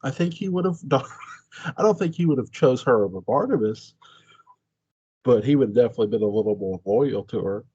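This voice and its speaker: Excitable man, husky lo-fi voice. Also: brisk. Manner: excitable, swings into high-pitched exclamations; swears freely, laughs often. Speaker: podcast host. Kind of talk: casual chat.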